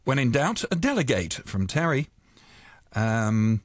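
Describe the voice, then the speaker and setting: A man's voice: medium pitch, lively intonation, unhurried, no room sound, studio quality. A man hosting an afternoon drive-time radio show, chatting casually, rambling and correcting himself as he reads out listener messages. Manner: rambling, self-correcting, chuckling at listener jokes. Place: radio studio. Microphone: studio microphone.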